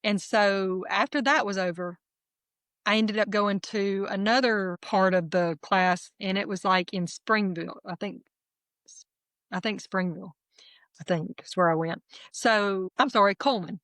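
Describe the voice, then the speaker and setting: A middle-aged woman, candidly telling her personal testimony as a guest in a lively, self-deprecating way. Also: mid-range voice, moderate pace, dry recording.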